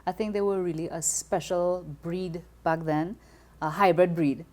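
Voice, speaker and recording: A woman with a Trinidadian accent, talking as an interview guest in an expressive, conversational way, often repeating words as she starts a thought. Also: lowish voice, a little slow. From Trinidad and Tobago.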